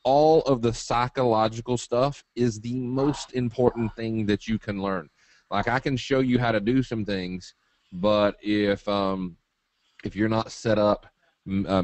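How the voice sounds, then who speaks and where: Low-voiced Kentucky man with a drawl. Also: darkish tone, dry recording. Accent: Kentucky Southern drawl. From Eastern Kentucky. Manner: folksy, joking, straight-talking. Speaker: trading webinar presenter. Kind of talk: live webinar presentation.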